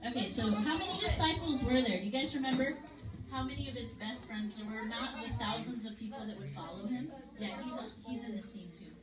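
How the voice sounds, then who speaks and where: A woman teaching a Bible story lesson to children in a church classroom, with an animated storytelling manner. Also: fairly high pitch, fairly quick. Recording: echoey room, far mic, noisy.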